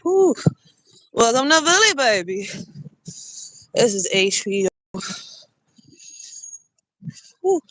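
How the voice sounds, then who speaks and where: A woman's voice: a little high, very animated, takes it slowly, long pauses, a bit bright, no room sound, rough recording. A single mother livestreaming on her phone as she walks a cold city street, chatting loosely and swearing freely at her viewers. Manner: loose, chatty and profane, addressing viewers directly. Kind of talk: casual livestream chat while walking.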